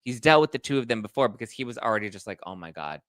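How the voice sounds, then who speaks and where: A man hosting a celebrity gossip commentary show, telling the story in an animated, sarcastic way. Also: mid-range voice, rapid-fire, no room sound. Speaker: host.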